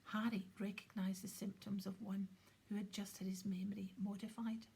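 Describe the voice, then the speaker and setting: A woman reading an audiobook in a soft, hushed, breathy whisper. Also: medium pitch, flat delivery, moderate pace, a little hiss or hum. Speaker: audiobook reader.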